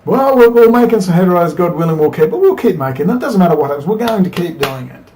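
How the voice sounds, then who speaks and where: A man with a fairly high-pitched voice delivers a heated, digressive talk straight into a laptop webcam at home. He urges and exhorts his viewers, then drifts into tired, muttered asides before rallying again. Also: expressive, fast, darkish tone. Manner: fervent, exhorting, digressive, swings from urgent to weary. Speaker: political video blogger. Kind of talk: impassioned rambling monologue to camera.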